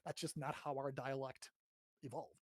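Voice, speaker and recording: With a flat delivery at a moderate pace, an American man runs a chatty grammar lesson, frequently tagging on "right?" and cursing from time to time. His mid-range voice is recorded with no echo.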